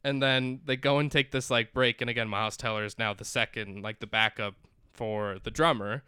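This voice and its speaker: Young male podcast co-host, rambling film recap, very clear smooth voice. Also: mid-range voice, steady tone, brisk, pushed and bright, dry recording, clean studio sound. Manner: rambling with many fillers and restarts. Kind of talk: casual chat recapping a movie.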